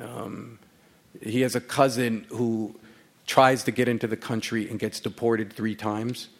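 A man joking profanely with a live audience before reading his work on stage. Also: medium pitch. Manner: profane, joking, crowd-teasing. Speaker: author giving a reading. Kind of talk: casual banter before a reading.

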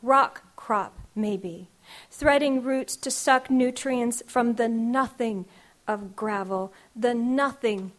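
A woman poet, reading her poems aloud live in a wry, unhurried way. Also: on the high side. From Kentucky. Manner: wry, unhurried, drawn-out vowels in the verse.

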